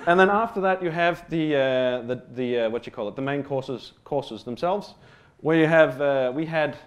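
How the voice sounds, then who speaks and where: A man's voice: medium pitch, normal speed. A man from Australia telling a humorous personal story in a talk, rambling with fillers, self-deprecating asides and casual swearing. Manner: rambling with many fillers and restarts. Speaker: speaker giving a stage talk.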